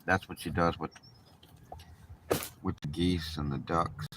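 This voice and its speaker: Slow and fairly even in intonation, a man with a low voice drives and chats casually, rambling, joking and swearing. He hosts a livestream from a car that later gives way to a park, with a distant mic and loud road noise.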